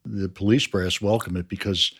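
Low-voiced man explaining in measured tones. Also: fairly even intonation, fairly bright tone, breathy edge. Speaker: writer of a crime series. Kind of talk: interview answers.

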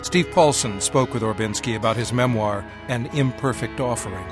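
A man hosting a radio program, reading a scripted introduction in a smooth, even voice. His voice sits in a middle register, and faint music plays underneath. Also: medium pitch, normal speed. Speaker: radio host.

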